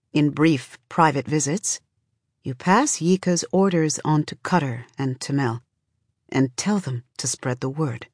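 A woman reading an audiobook in a measured, even second-person storytelling manner, close to the microphone. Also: sits low, dry recording. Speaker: audiobook narrator. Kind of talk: scripted narration.

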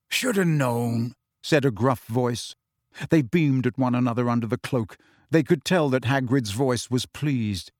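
A man narrating an audiobook in an expressive storytelling voice. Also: medium pitch, no room sound, clean studio sound.

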